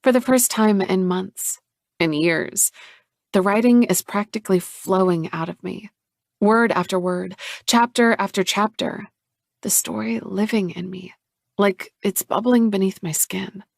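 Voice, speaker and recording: A woman's voice: medium pitch, a little slow, creaky, no room sound, studio quality. A woman reading a romance audiobook in the first person, in a reflective way. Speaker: audiobook narrator. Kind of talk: first-person scripted narration.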